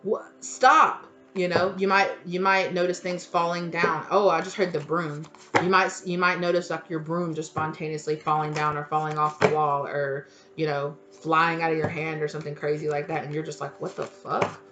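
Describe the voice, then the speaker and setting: A woman's voice: sits low, level tone, brisk, hardly any pauses, background noise. A woman giving a casual tarot reading, blunt and emphatic, swearing freely and repeating her points. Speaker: tarot reader.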